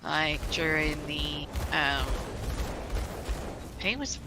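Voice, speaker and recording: A woman's voice: low-pitched, takes it slowly, noisy background. A woman from England, chatting casually while gaming and rambling through her stories with many restarts.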